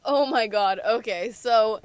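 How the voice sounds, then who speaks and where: This teenage co-host of a casual podcast takes it slowly, the mid-range voice clear and resonant. Stories come out in a rambling way, with many fillers and restarts.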